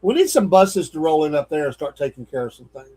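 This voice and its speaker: A man with a drawl and a fairly high speaking voice. He is plain-spoken and sure of his opinions, yet keeps an easygoing morning-show tone. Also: lively intonation, fast, mellow, low-quality recording. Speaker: radio show co-host. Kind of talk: casual morning show banter.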